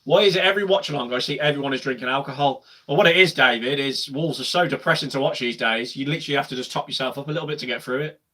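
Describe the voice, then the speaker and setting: A young man streaming a live football watch-along, chatting casually with viewers and erupting into shouts when his team attacks. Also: mid-range voice, rapid-fire. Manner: chatty, swings to loud shouting at goals.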